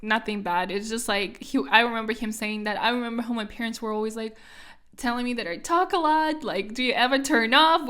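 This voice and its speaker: A young woman whose first language is Russian chats her way through a solo podcast. Her voice sits slightly high, and she rambles on with plenty of fillers and casual asides. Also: fairly bright tone. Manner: chatty, rambling, lots of fillers. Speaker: podcast host.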